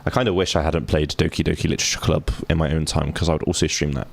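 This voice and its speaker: A man's voice: extremely low pitch, little pitch movement, fast talker, creaky. A man streaming a game, chatting casually and joking while reading the game's text aloud. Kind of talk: casual gaming commentary.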